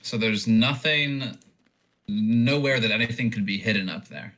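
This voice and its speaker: A man's voice: on the low side, a little slow, a bit bright. A man playing a tabletop game who mostly gives short replies and states his character's actions. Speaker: player. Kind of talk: casual chat.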